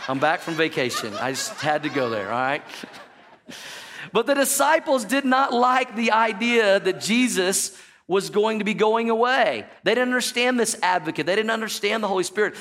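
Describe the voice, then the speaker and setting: A pastor preaching a sermon in a church, animated and joking, and calling out to the congregation for answers. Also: male voice, high-pitched, moderate pace, a little hiss or hum. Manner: jokey storytelling asides. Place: church sanctuary.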